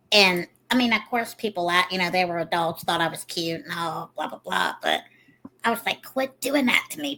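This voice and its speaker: A woman's voice: medium pitch, sharp tone, poor audio. A woman co-hosting a comedy podcast, chatting in a playful, self-deprecating way. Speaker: podcast co-host. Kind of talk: casual comedy podcast chat.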